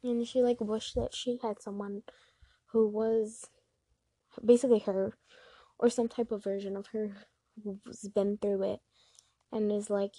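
A woman's voice: mid-range voice, little pitch movement, a little slow, long pauses, dark tone. A young woman hosts an advice podcast from her bedroom and talks loosely, full of fillers. Her delivery stays level with little rise and fall, and the sound is dry with no room echo. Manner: chatty and rambling, many fillers. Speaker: podcast host. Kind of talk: casual advice monologue. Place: bedroom at home.

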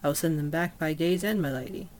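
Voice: mid-range voice, quick pace, a little mellow, lightly acted. A storyteller gives voice to a loyal male garrison commander, respectful and plain-spoken before his lady. The reading has a faint hiss underneath, like a simple home recording of a storybook.

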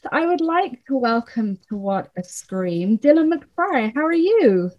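A woman's voice: a little high, sing-song, a little slow, dull audio. A woman, hosting a casual podcast interview in a chatty way and laughing often. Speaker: podcast host.

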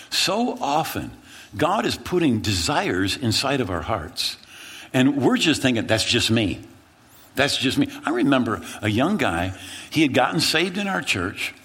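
A man preaching from the pulpit in a bright, forceful voice with a husky grain. His pitch swings widely as he tells a story dramatically and repeats phrases for emphasis. It sounds like a lively storytelling sermon. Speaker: pastor.

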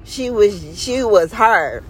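A woman's voice: medium pitch, animated, takes it slowly. A woman hosting her own podcast, speaking in a heartfelt, earnest and preachy casual monologue and stretching out the words she wants to stress. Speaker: podcast host.

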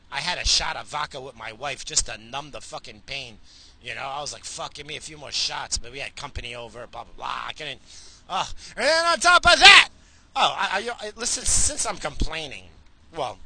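A middle-aged man from the United States ranting casually and profanely to his viewers while driving, animated, cursing and mocking himself. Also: mid-range voice, low-quality recording. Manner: animated, swearing, self-mocking. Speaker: vlogger.

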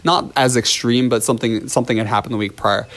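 A man's voice: mid-range voice, steady tone, fast, a bit bright. A young man, a ballet teacher, telling a story from his class in a casual, rambling way with many fillers and restarts.

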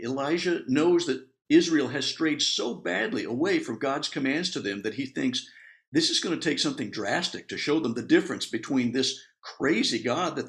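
A man's voice: a little high, vocal fry, a bit bright. A man preaching a sermon, reading scripture and explaining it in a playful way, chuckling at the humor in the story.

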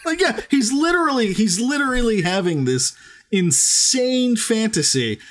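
A man with a fairly high, very lively voice, chatting on a book podcast. He laughs a lot and keeps slipping into short mock voices as he retells the story. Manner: laughing often, retelling scenes with quick silly voices. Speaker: podcast co-host. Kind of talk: casual book discussion.

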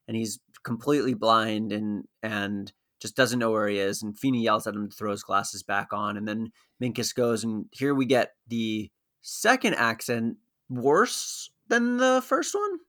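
A man's voice: fairly low pitch, bright, forceful tone. Easygoing man recapping a show. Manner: easygoing storyteller, with some filler "uh"s. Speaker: podcast co-host. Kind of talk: casual episode recap chat.

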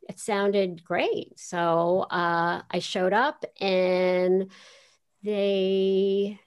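An older woman from Queens, New York, a voice actress telling stories as an interview guest in a chatty way, laughing easily. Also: mid-range voice. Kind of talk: casual interview, storytelling.

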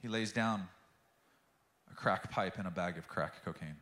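Bright-voiced preaching man, echoey hall. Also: low voice, normal speed. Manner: passionate storytelling with acted-out quotes. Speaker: pastor. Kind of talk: sermon.

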